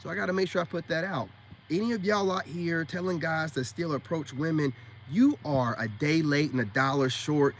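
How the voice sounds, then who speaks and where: Man, upper-middle pitch, slangy, emphatic self-help vlogger rant. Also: normal speed, a little hiss or hum. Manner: emphatic, scolding, repeats himself for emphasis; slangy, calls listeners man and bro. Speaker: self-styled spiritual dating coach. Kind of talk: casual rant to camera.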